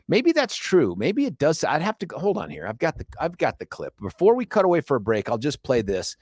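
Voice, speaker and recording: A middle-aged man hosting a talk radio show with a lively, swinging pitch. He talks in an animated, jokey way into a dry studio microphone. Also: no echo. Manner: animated, jokey, does quick impressions.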